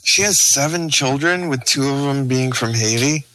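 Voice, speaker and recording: A man co-hosting a casual comedy podcast, reading out facts in a deadpan way. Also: mid-range voice, normal speed, poor audio.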